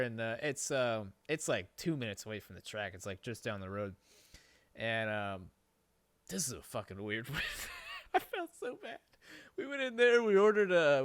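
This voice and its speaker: A man's voice: mid-range voice, clear, resonant tone, no echo. A man telling a story on a podcast in a casual, rambling way, swearing and laughing often. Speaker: podcast host. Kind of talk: casual chat.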